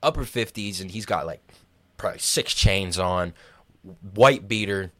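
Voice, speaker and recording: A man's voice: low voice, unhurried, fairly bright tone. A man, telling a rambling, laid-back story in a casual podcast chat. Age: 20s. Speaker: podcast co-host.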